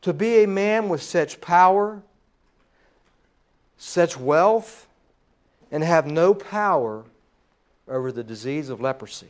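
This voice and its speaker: High-voiced man preaching a sermon. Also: animated. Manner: preaching with rising emphasis and trailing pauses. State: slightly hoarse. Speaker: pastor.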